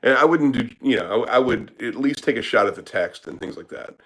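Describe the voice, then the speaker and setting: A man's voice: mid-range voice, expressive, brisk, fairly bright tone, poor audio. A man who works as a startup business consultant, answering questions in a casual live Q&A, blunt and profane with lots of filler words.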